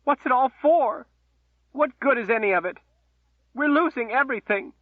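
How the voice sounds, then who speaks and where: A man's voice: fairly low pitch, expressive, fairly quick, husky, no echo. A man voicing an anguished, fierce young woman leader who cries out in despair, heard over a tinny phone-like line. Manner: crying out, then growling.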